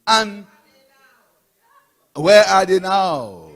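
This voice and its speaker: A middle-aged Saint Lucian man with a Saint Lucian accent delivers an impassioned rally speech as a guest speaker, using repetition and rising and falling emphasis. His high voice draws out words and has a fairly bright tone, echoing in a large hall.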